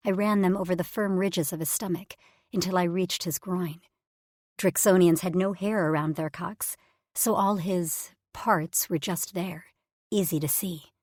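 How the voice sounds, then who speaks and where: A woman narrating a first-person romance audiobook in an intimate, even storytelling manner. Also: on the low side, no room sound, clean studio sound.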